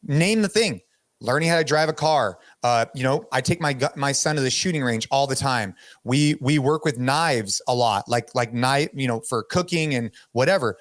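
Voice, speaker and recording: A middle-aged man hosting a podcast, telling a story in a casual, animated way, with lots of "dude" and "like". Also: mid-range voice, moderate pace, no echo. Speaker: podcast host.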